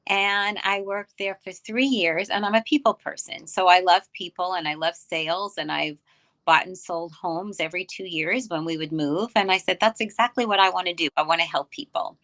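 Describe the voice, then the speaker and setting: A woman's voice: on the low side, normal speed, fairly bright tone. An older woman from New York, a guest telling her life story in casual interview chat.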